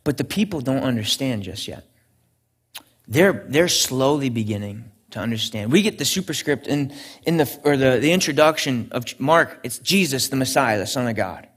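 Earnest young pastor telling a story. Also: male voice, mid-range voice, lively intonation, normal speed, fairly bright tone, breathy edge. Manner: earnest storytelling, frequent restarts. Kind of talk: sermon.

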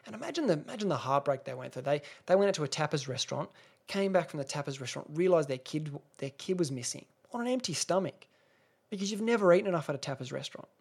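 A man's voice: on the high side, animated, quick pace, creaky, breathy edge. Rambling Australian guy ranting on a podcast. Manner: rambling, sarcastic, swears freely, many restarts. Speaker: podcast host. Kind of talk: casual solo podcast rant.

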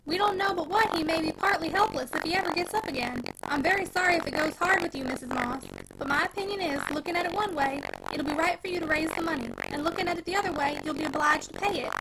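A woman voicing an older uncle who reasons gently in plain country speech. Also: extremely high pitch, huge pitch swings, fast, gravelly, exaggerated voice. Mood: gentle, reasoning. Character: older uncle, mild-mannered, plain-spoken man. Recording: noisy home recording.

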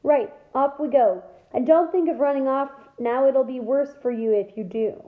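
A woman reading aloud doing a cruel old caretaker, sneering and gloating, with a fairly high voice. It is a storybook read-aloud in a roomy space, coming through a tinny, phone-like line. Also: moderate pace, lightly acted. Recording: echoey room over a thin phone-like line.

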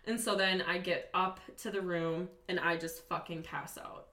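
A young woman tells a wild story with lots of energy and plenty of swearing, her words packed with "like". Her voice is bright and clear. The room around her has a noticeable echo. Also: on the low side, normal speed. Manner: animated, profane, many "like" fillers. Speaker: podcast guest. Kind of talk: casual storytelling chat.

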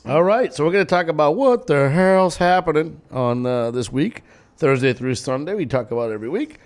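A man's voice: on the high side, brisk. A man hosting a local radio show from a studio mic, chatting casually and joking with laughter. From New England. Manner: jokey, animated, laughs often.

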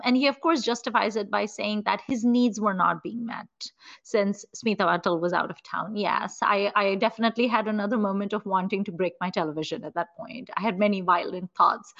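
A woman co-hosting a podcast, retelling a film scene in a casual, animated way full of "like" and "you know". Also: mid-range voice, gravelly, highs cut off. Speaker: podcast co-host.

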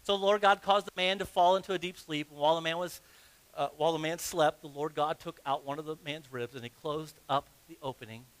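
A man's voice: on the high side, fairly even intonation, brisk, fairly bright tone. A man preaching a sermon as pastor, reading scripture aloud and acting out the story with humor. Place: church sanctuary.

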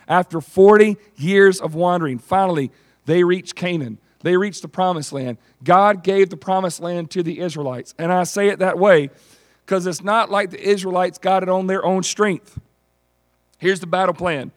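A man preaching a sermon and telling stories in an animated way, acting out the characters. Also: fairly high pitch, normal speed. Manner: animated storytelling, acts out characters. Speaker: pastor.

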